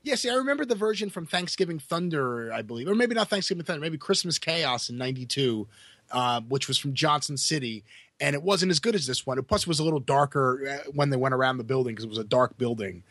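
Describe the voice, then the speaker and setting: A man co-hosting a podcast in casual chat, animated and quick to laugh. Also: medium pitch, no room sound, studio quality. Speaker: podcast co-host.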